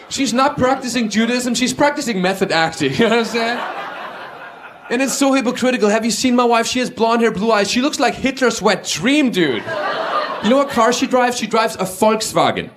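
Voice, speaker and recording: A German man with a German accent doing stand-up comedy and crowd work on a club stage, animated and mocking as he riffs with the audience. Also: very high-pitched, normal speed. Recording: live club recording, clear crowd noise.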